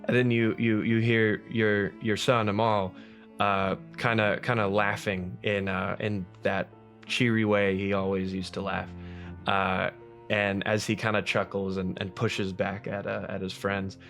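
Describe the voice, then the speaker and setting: A man narrating a tabletop game as game master, halting with many restarts and fillers. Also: on the low side, level tone, fairly bright tone, soft background music.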